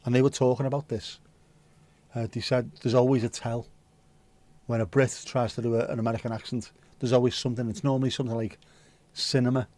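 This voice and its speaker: A man's voice: mid-range voice, level tone, fairly quick, darkish tone. Chatty male livestream host. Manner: rambling, chatty, occasional swearing. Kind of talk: casual chat reading viewer comments.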